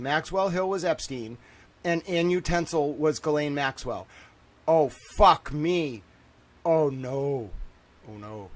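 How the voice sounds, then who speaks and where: On the high side and fairly bright, this male livestream host in his thirties sounds panicked, cursing and exclaiming and saying things over and over to his viewers. It's an agitated monologue.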